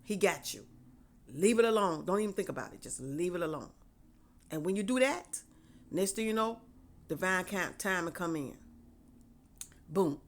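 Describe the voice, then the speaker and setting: A woman's voice: fairly low pitch, expressive, moderate pace, pauses often. A woman talking casually to her viewers, encouraging them to trust God, and repeating her key phrases in a preachy, conversational way. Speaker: faith vlogger.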